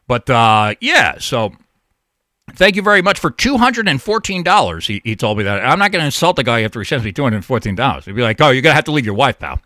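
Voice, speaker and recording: A man's voice: mid-range voice, big pitch swings, fairly quick, bright, forceful tone, no echo, studio quality. A man hosting a call-in show, rambling, profane and stammering through restarts in a casual monologue. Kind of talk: casual talk radio monologue.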